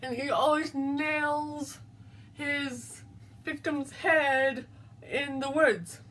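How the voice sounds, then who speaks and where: Guilt-stricken crying friend, voiced by a woman: slow, urgent; far from the mic. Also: high-pitched, fairly even intonation, a bit bright, heavily acted. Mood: ominous. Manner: tearful, urgent confession. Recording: distant mic, faint background noise.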